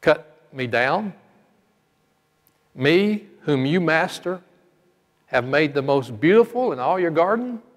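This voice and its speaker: A man voicing a gentle, devoted male bamboo plant that pleads with his master, in a sermon story. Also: on the high side, lively intonation, slow pace, pauses often. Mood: pleading. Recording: long hall reverb.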